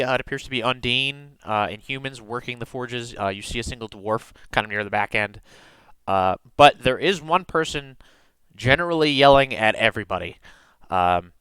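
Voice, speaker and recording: A man runs a tabletop game, describing the scene in a loose, casual way full of "uh" and "like." His voice is bright and crisp, recorded close and dry with no room around it. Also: lowish voice, dry recording, rough recording. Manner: casual, many "uh" and "like" fillers. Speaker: game master.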